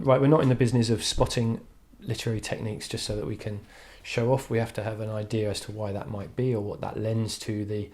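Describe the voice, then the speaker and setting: Low-voiced man teaching poetry. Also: darkish tone. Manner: thoughtful, hesitant with frequent fillers. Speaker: English literature teacher. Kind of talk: recorded online lesson.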